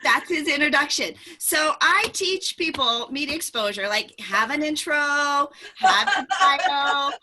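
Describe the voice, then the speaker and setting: Bright, fairly high woman co-host. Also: animated, a little slow, hardly any pauses, a little hiss or hum. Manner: chatty and upbeat, quoting others with a laugh. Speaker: morning show co-host. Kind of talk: casual chat.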